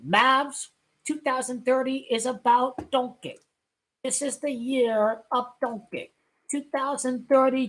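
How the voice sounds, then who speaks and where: A sports vlogger with a slightly high voice rants about basketball, loud and excitable. She often shouts and repeats herself.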